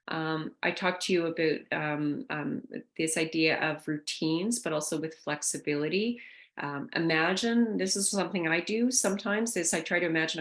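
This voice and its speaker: A woman's voice: on the low side, fairly bright tone. A woman presenting a caregiver workshop, talking loosely with fillers and restarts. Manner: conversational, thinks aloud with fillers and restarts. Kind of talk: online workshop talk.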